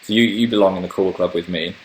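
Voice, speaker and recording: A young man from northern England in his twenties, chatting on a livestream with a somewhat low voice. He answers viewer comments in a rambling, animated, casual way, like a YouTuber host talking straight to his fans. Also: fast talker, a little hiss or hum, low-quality recording. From northern England, near Manchester.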